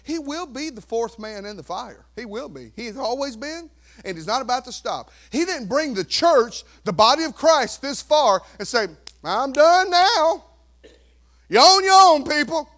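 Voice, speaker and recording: A man preaching a sermon as pastor, emphatic, firing rhetorical questions and swinging from hushed tones to shouting. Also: very high-pitched, sing-song, normal speed.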